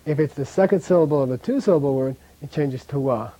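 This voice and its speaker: In a fast, warm, fairly high voice, a male language teacher patiently drills his students on sounds, chuckling occasionally while explaining. The audio is poor.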